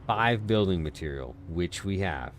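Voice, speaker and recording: Deep-voiced man rambling over gameplay. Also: animated, a little slow, slight background noise. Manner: rambling, talks to himself, chuckles often. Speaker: game streamer. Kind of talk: casual gameplay commentary. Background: music.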